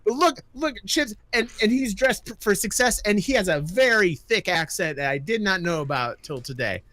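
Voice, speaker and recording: An American man hosting a livestream chat, teasing and theatrical in an excitable way. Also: high voice, normal speed, no echo. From United States. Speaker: stream host.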